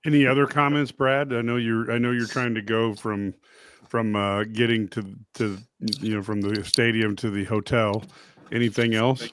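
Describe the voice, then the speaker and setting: A man's voice: lowish voice, level tone, moderate pace, fairly bright tone. A man hosting a casual sports talk stream, reading out conference records in a plain way. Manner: reads out scores and records plainly. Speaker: show host. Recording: clear background noise.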